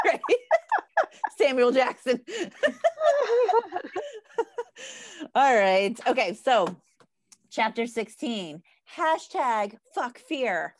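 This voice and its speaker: A woman's voice: a little high, no echo. Woman reading a book aloud to a group, laughing, stumbling now and then, dry close sound. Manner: laughs often, stumbles over words while reading. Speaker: book club member.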